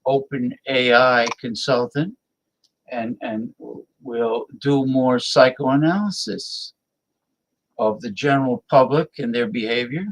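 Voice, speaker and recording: A man hosts a casual live-stream talk show and speaks at an unhurried, drawn-out pace. He rambles and mutters half to himself as he invites guests. His voice sits at an ordinary middle pitch. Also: poor audio.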